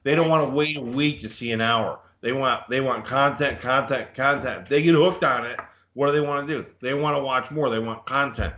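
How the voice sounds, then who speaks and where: A man's voice: medium pitch, brisk, hardly any pauses, pushed and bright, slight background noise. A man co-hosting a casual live podcast, a boastful, rambling storyteller who talks up his own toughness. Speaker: podcast co-host.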